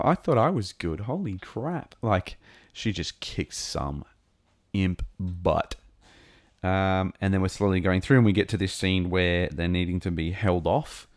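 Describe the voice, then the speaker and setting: A man's voice: low-pitched, no room sound, studio quality. A man recapping a show episode in a casual, rambling and enthusiastic way, with lots of ums and restarts. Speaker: show reviewer.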